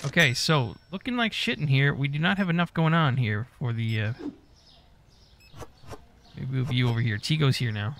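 A man's voice: medium pitch, normal speed, vocal fry, pauses often, a bit bright, a little hiss or hum. A man giving casual gameplay commentary, muttering to himself as he goes and swearing often. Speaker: gaming YouTuber.

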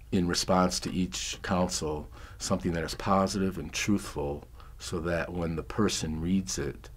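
Earnest low-voiced male teacher. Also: breathy edge. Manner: earnest, musing, trails off. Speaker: high school philosophy teacher. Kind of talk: reflective documentary interview.

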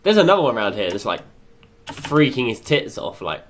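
A young man doing excitable let's play commentary, chattering to himself and swearing often. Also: mid-range voice, fairly quick. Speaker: gaming channel host.

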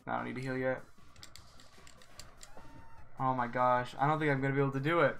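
A man's voice: mid-range voice, fairly even intonation, fairly quick, creaky, fairly bright tone, soft background music. A man commenting casually on his gameplay while streaming live, swearing and exclaiming in frustration.

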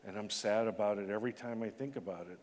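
A man in his sixties giving a motivational keynote speech to a conference, talking with emotion and pushing his voice high at the peaks. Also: quick pace, a little mellow, a little hiss or hum. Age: 60s. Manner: emotional, emphatic, rising to high pitch at peaks. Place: large conference hall. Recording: long hall reverb.

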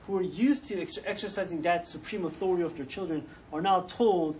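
High-voiced preacher heard from off-mic. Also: male voice, brisk, hardly any pauses, darkish tone, far from the mic, low-quality recording. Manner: conversational, acts out quoted voices. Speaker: pastor. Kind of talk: sermon. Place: church. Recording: faint noise, voice from off the mic.

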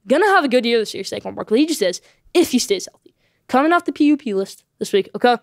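A woman hosting a solo sports podcast, giving excitable, emphatic opinions and driving each point home with a repeated "okay?". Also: on the high side, dry recording, clean studio sound.

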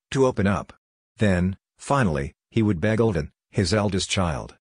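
Deep, husky male horror narrator. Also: dry recording, clean studio sound. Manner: measured, grave storytelling delivery. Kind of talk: scripted horror story narration.

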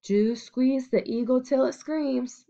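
A woman's voice: sits high, slow pace, creaky, warm tone, dull audio, pitched above the performer's own voice, exaggerated voice. A woman voicing a jeering teenage boy who backs up a gang bully in a storybook reading.

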